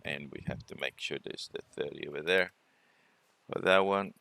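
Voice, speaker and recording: A man presenting a forex trading walkthrough, talking it through unhurriedly with many fillers and pauses. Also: a bass voice, gravelly, bright, forceful tone, dry recording. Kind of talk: screen-share trading walkthrough.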